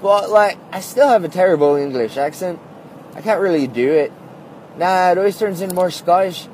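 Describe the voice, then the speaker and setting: A man's voice: high-pitched, moderate pace, darkish tone, slight background noise. Rambling man recording on his phone. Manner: rambling, heavy use of "like" and "uh". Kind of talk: casual storytelling monologue.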